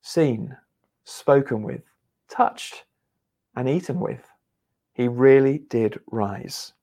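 Guy giving a sermon, earnest, trips over his words a lot, middle pitch. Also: warm tone. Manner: earnest, halting with repeated restarts. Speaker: preacher.

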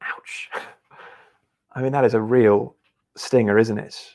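Male preacher, mid pitch, earnest and halting, sermon delivery. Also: steady tone, dark tone. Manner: earnest, halting with repeated restarts.

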